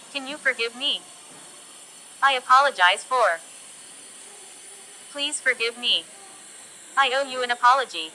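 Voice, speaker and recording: A woman teaching English, reading example phrases for learners one by one in a slow, deliberate delivery. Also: a little high, bright, forceful tone.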